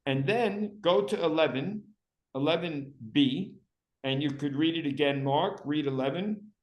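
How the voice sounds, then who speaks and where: A man teaching a small class in a room, talking in a fairly high voice. He reads Hebrew passages aloud and acts out their cries with animated emphasis. The room adds a strong echo. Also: measured pace. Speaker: teacher leading a text study class. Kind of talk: classroom Bible lesson.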